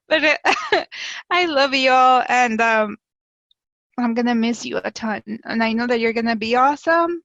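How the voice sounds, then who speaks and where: A woman's voice: on the high side, measured pace, fairly bright tone, no echo. A woman cheerfully encouraging graduates, giggling as she talks over a video call. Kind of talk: encouraging speech. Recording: dull, dry video-call audio.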